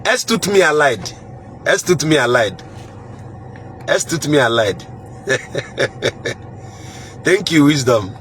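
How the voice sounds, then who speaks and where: A man's voice: a little high, animated, takes it slowly, long pauses, a bit bright, slight background noise. A man with a Nigerian accent hosting a casual live chat, reading viewer comments in a playful way, chuckling and repeating phrases.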